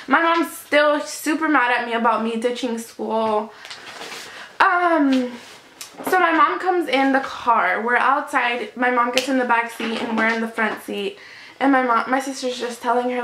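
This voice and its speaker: Teen girl vlogger, chatty storyteller, high and bright, in a roomy space. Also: unhurried, a little hiss or hum. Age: teens. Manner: chatty, lots of "like", emotional retelling. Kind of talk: storytime vlog. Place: home room in natural evening light. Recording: echoey room.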